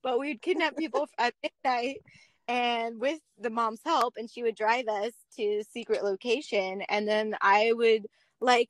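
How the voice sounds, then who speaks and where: A young adult woman chatting casually as a podcast guest, telling stories with animated energy. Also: on the high side, no echo. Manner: animated storyteller, acts out quotes. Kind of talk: casual chat.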